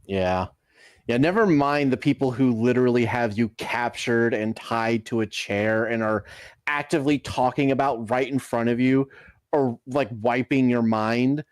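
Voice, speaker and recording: A man co-hosting a casual podcast, excitable, laughing often and swearing. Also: medium pitch, unhurried, no room sound, clean studio sound. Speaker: podcast co-host. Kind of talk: casual chat.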